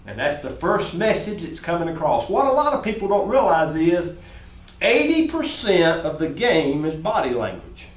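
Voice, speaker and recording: A middle-aged man leads a job-skills class, animated and expressive, his fairly high voice swinging up and down. He sounds a little distant from the mic, in a large, echoey room. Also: moderate pace. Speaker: reentry job-skills teacher.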